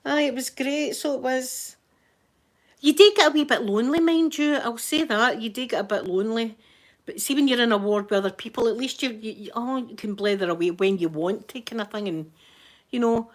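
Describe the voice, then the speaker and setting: A woman's voice: a little high, fairly quick. A woman with a Glasgow accent, hosting her channel with a chatty, rambling manner and Scots words. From Scotland. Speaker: channel host. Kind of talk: casual livestream chat.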